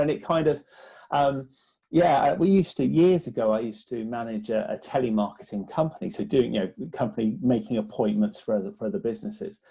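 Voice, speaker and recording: Gravelly, mellow-voiced man. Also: mid-range voice. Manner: hesitant, many restarts and fillers. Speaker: business development guest. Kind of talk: conversational interview.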